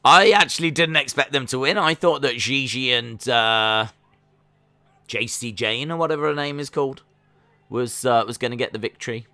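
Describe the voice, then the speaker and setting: A man hosting a casual live watch-along stream, calling the action and answering chat questions, sometimes jumping into high-pitched disbelief. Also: normal speed, no echo, soft background music. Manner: breaks into high-pitched disbelief when excited. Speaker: live stream reaction host.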